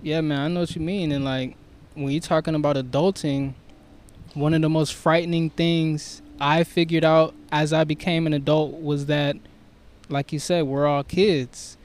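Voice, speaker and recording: A man in casual conversation, talking reflectively and softly about his own life and struggles. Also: on the high side, steady tone, normal speed. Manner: reflective, soft-spoken, storytelling. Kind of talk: casual chat.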